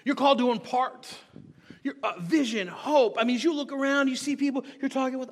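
High-voiced preaching man in a reverberant hall. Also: a little fast. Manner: swings from hushed to shouting. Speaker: pastor. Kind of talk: sermon.

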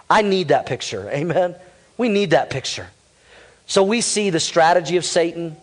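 A male pastor preaching a humorous, animated sermon, calling out to his congregation. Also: high voice.

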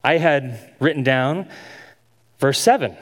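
A man's voice: mid-range voice, lively intonation, slow. A man giving an instructional sermon, earnest and asking his listeners many questions as he teaches. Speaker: Bible teacher. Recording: long hall reverb.

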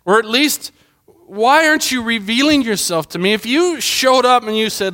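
A man's voice: extremely high pitch, animated, normal speed, bright, forceful tone. A middle-aged man, a pastor, giving a sermon in a personal, emotional storytelling way that rises into impassioned pleading.

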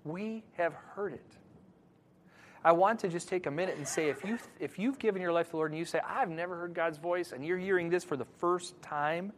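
A man preaching a sermon to his congregation, moving between quiet scripture reading and loud, animated emphasis. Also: on the high side, slight background noise. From Wisconsin, USA. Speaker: pastor.

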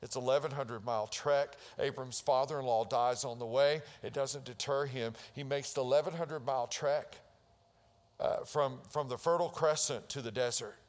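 A man's voice: medium pitch, steady tone, moderate pace, big-room sound. A male pastor preaching a sermon, retelling Bible stories and acting out the voices in them. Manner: storytelling preacher acting out biblical scenes with rising intensity.

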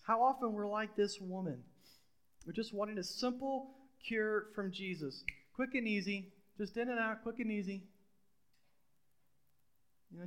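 A man's voice: high voice, measured pace, pauses often. A middle-aged man preaching a sermon in a conversational way, repeating phrases and putting questions to the congregation. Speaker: pastor.

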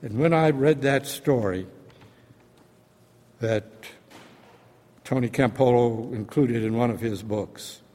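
A man preaching a sermon, retelling a story in a slow, deliberate, dramatic way. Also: medium pitch, dark tone. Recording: long hall reverb.

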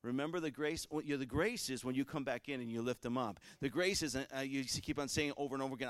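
Man, pastor, sermon, smooth clear voice, dry close sound, fervent to hushed. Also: medium pitch, fast talker, hardly any pauses, no room sound. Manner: swings from loud fervent preaching to quiet conversational.

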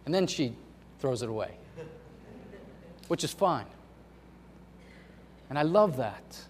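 A middle-aged man, a pastor, preaching a sermon in a storytelling way, swinging between loud emphasis and soft asides. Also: mid-range voice, sing-song, takes it slowly, slight background noise. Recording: long hall reverb.

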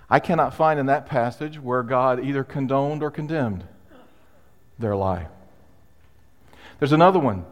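A male pastor preaching a sermon in a conversational, emphatic way, with pauses for weight. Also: medium pitch. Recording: long hall reverb.

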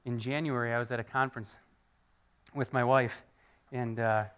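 Animated, bright-voiced male pastor. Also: medium pitch, moderate pace, clear, resonant tone. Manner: animated storytelling, acts out quoted voices. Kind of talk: conversational sermon.

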